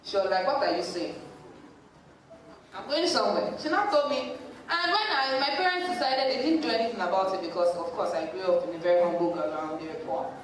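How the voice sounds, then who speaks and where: A woman, a psychologist telling a story to a church congregation in an animated way. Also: mid-range voice, quick pace, a little hiss or hum. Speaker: psychologist speaking at a church service. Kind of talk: lively talk at a church service. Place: large church hall. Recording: echoey church hall, mic at a distance.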